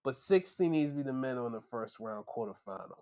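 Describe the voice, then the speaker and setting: A man hosting a podcast, giving a casual wrestling recap and acting out the wrestlers' lines in an animated way. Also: medium pitch, quick pace. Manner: animated, acts out wrestlers' lines, laughs and shouts when excited. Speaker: podcast host.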